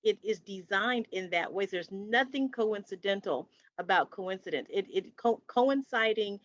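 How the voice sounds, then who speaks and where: A woman's voice: medium pitch, measured pace, no echo. A woman co-hosting a podcast in casual conversation, reflective and repeating phrases for emphasis. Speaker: podcast co-host. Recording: dry, dull lo-fi sound.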